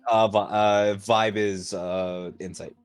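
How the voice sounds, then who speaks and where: A man running a tabletop game as game master, describing scenes with frequent pauses and fillers. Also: on the low side, level tone, clear, resonant tone, soft background music. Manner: halting, filler-heavy description.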